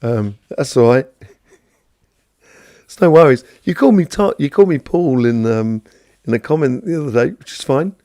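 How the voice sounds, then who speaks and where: Man, gravelly voice, mellow tone, chatty and rambling, live stream host. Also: medium pitch, animated, normal speed, long pauses, no echo, clean studio sound. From London, England. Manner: rambling, chatty, greets viewers by name, many fillers. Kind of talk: casual spiritual talk answering viewers.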